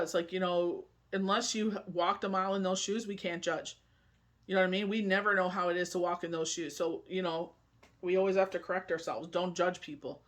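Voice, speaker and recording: A tarot and oracle card reader giving a casual spoken forecast, rambling and chatty, often asking "you know what I mean" and reading card meanings aloud slowly. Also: medium pitch, steady tone, a bit bright.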